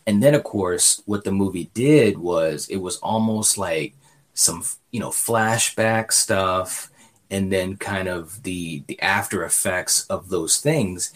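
A man's voice: deep voice, slow pace. A man co-hosting a podcast, talking through a movie review in a rambling, casual way full of fillers. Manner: rambling, filler-heavy, often says "you know". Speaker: podcast co-host.

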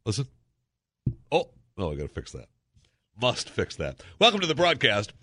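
A man's voice: mid-range voice, normal speed, no room sound, clean studio sound. A man hosting a talk radio show, joking around in a casual monologue with lots of fillers. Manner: jokey, animated, lots of fillers. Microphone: studio microphone.

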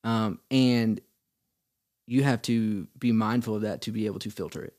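A man talking thoughtfully in a casual conversation, pausing to search for words. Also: fairly low pitch, fairly even intonation, darkish tone. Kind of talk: casual chat.

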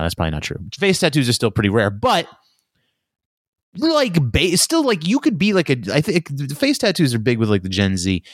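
A man's voice: medium pitch, no echo, clean studio sound. A young man ranting casually and sardonically, swearing a lot as he rambles on. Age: young adult. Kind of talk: casual solo rant.

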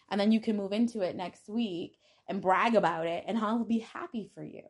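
A woman's voice: medium pitch, fairly quick, hardly any pauses. Blunt, foul-mouthed woman vlogger. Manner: blunt, profane, defiant. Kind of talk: casual spiritual monologue.

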